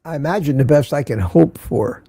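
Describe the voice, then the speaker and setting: A man's voice: fairly high pitch, animated, moderate pace, vocal fry, mellow, slightly rough, no echo, clean studio sound. An older man hosting a casual morning livestream, greeting viewers by name and reading the chat aloud. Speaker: livestream host.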